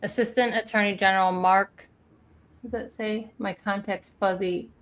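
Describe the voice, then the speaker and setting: A woman's voice: mid-range voice, steady tone, moderate pace. A woman hosting a casual livestream, chatting with guests, laughing often and reading documents aloud. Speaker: livestream host.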